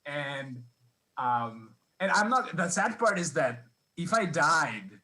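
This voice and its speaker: Bright-voiced man telling a rambling stand-up story. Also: a little high, very animated, takes it slowly, low-quality recording. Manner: rambling, self-deprecating, many restarts. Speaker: stand-up comic. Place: comedy club stage.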